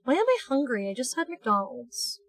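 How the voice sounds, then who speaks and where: A woman's voice: sits high, sing-song, moderate pace, no room sound. A young woman streaming while she draws, chatting playfully and rambling with restarts and teasing asides. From United States. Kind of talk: casual live-stream chat while drawing.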